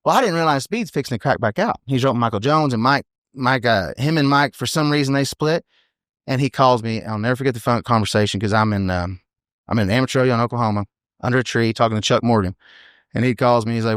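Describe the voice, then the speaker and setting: A man in his thirties tells rodeo stories at a rapid clip, rambling and animated, checking in with "you know what I mean". His voice sits close and dry, at a middle pitch. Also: no echo. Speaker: professional team roper, podcast guest. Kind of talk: casual storytelling in a podcast interview.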